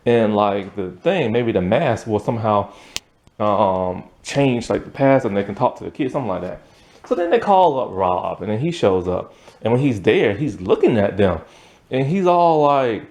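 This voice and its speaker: A man casually recapping a TV episode, rambling with fillers and laughing now and then. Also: normal speed. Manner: lively pitch, acts out quotes. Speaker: show reviewer.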